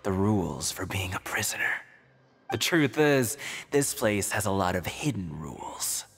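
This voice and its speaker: A sly older prisoner. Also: male voice, on the low side, sing-song, unhurried, gravelly, music in the background, full character voice. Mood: conspiratorial. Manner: teasing, conspiratorial, chuckling. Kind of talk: video game voice acting.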